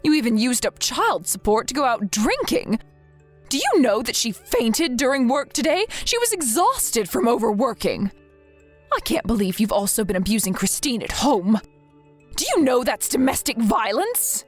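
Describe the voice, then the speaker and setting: A woman's voice: fairly high pitch, big pitch swings, moderate pace. A woman reading the lines of a worried mother-in-law who scolds her son, in a scripted text-message story. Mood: scolding. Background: faint background music.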